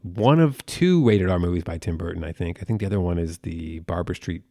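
A man's voice: low-pitched, brisk, warm tone, no room sound, clean studio sound. A man in his thirties co-hosting a podcast in casual chat, crude and joking, slipping into goofy impressions. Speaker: podcast co-host.

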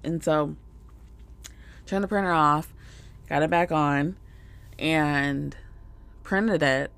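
A woman's voice: deep voice, slow pace, a bit bright. A woman, a mother, chatting casually to her viewers in a rambling way, full of "like" and "you guys". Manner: rambling, filler-heavy, lots of "like" and "you guys". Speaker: mother sharing business contacts with viewers. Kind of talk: casual chat to camera.

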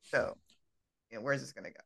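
A woman's voice: extremely low pitch, moderate pace, gravelly, fairly bright tone, breathy edge. A woman guest chatting casually about wrestling in a wry, teasing way. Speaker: podcast guest.

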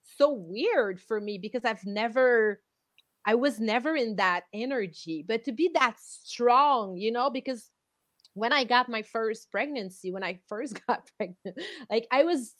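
A young woman hosts a podcast and tells a personal story with lively energy, slipping into other people's voices as she goes. Her voice sits fairly high. The recording is dry and close, with almost no room sound. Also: measured pace, no room sound. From outside the US. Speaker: podcast host. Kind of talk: casual interview chat.

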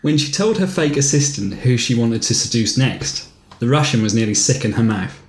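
Deadpan man narrating a story, roomy sound. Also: medium pitch, normal speed. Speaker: podcast host reading a story. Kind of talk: reading fiction aloud with banter. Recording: roomy recording, faint noise.

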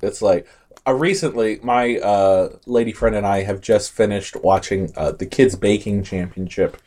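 A man's voice: on the low side, normal speed, dark tone. A man co-hosting a podcast in casual chat, joking and acting out sarcastic quotes. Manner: jokey, acts out sarcastic quotes. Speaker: podcast co-host.

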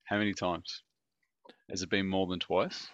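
A man's voice: deep voice, level tone, moderate pace, a bit bright, no echo, lo-fi sound. A man co-hosting a casual podcast, teasing his friend and laughing often. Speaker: podcast co-host. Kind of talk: casual chat.

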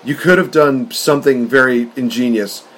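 A man co-hosting a podcast, chatting casually with excitable, fast-talking rants. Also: medium pitch. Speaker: wrestling podcast co-host.

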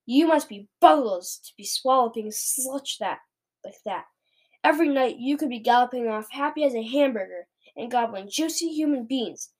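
A greedy, man-eating male giant from a storybook, loud and bullying in every word, as a woman reading aloud puts him on. The voice sits fairly high and sneers at whoever he is talking to. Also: expressive, normal speed.

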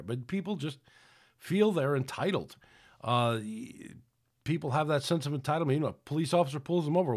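Speaking fairly high and a bit quickly, this man delivers a sermon-style podcast talk. He rambles conversationally, keeps restarting his sentences, and performs the quotes he cites.

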